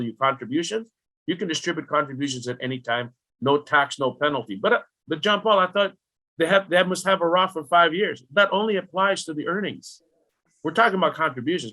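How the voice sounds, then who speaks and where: A middle-aged man explaining retirement planning as a podcast guest, lively and full of rhetorical questions aimed at the listener. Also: on the high side. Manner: animated, rhetorical questions, talks directly to the listener.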